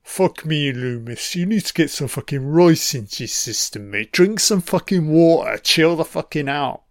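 A man's voice: fairly high pitch, lively intonation, normal speed, dry recording, clean studio sound. A British man giving an audio commentary over a film, swearing constantly and heckling the characters on screen.

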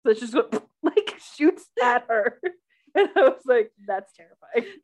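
A young woman hosting a podcast, casually telling a personal story with lots of laughter and loudly acted-out quotes. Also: a little high, unhurried. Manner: animated, laughs often, acts out quotes loudly. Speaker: podcast host.

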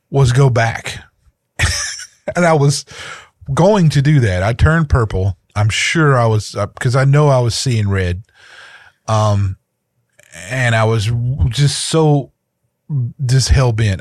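With a mid-range, darkish voice captured in studio quality and no room sound, a man in his thirties co-hosts a podcast. His casual personal story rambles, full of restarts and repeated words.

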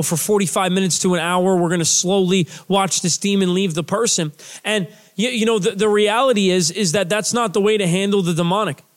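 A man with a notably high speaking voice preaches a sermon in a loose, chatty way. He stumbles into fillers and restarts, then hammers home the same short phrases again and again. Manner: emphatic repetition of key phrases. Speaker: pastor.

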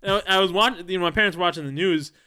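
A young man co-hosting a podcast in casual chat, an animated storyteller who swears freely and acts out quotes loudly. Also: high voice, rapid-fire. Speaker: podcast co-host.

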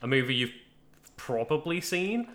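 Male co-host, easygoing, bright and sharp tone. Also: on the high side, big pitch swings, normal speed. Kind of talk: casual chat.

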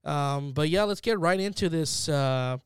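Male podcast host, smooth voice with a lively pitch, dry close recording, joking banter. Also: a little slow, no echo. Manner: joking, laughing often. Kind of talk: casual chat.

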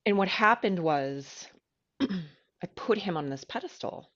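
Woman with a really low voice, podcast cohost, talks open and emotional, kinda dull lo-fi sound. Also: animated, slow, a bit bright. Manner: candid and emotional, with filler likes. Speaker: podcast co-host. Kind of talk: personal podcast conversation.

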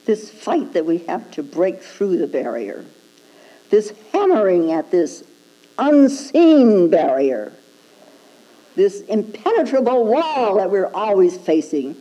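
A woman's voice: mid-range voice, very animated, takes it slowly, dark tone, poor audio. A woman Zen teacher giving a dharma talk, prodding her listeners with rhetorical "hmm?" questions and chuckling at her own points.

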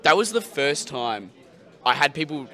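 A man on a live podcast, recounting a match in animated, laughing banter. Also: a little high, moderate pace. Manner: animated, laughing, acts out crowd reactions. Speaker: podcast co-host.

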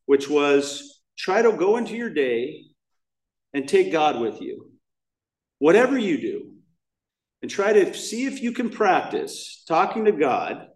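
A man with an American accent tells his own story at a recovery meeting, candid and emotional, circling back through restarts. His voice sits a touch high for a man. The sound is roomy, like a church hall, and he stands some way from the mic. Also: darkish tone, far from the mic. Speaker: main speaker at a recovery meeting. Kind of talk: personal testimony talk.

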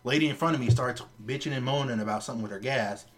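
A man co-hosting a casual podcast, telling a story in a lively, profane way. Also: mid-range voice, fast talker. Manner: animated storyteller, swears freely. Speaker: podcast co-host.

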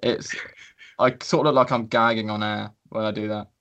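In a casual chat on a podcast he co-hosts, a man rambles in a sweary, self-mocking way. His voice sits on the low side, fairly bright in tone, with fairly even intonation and a moderate pace.

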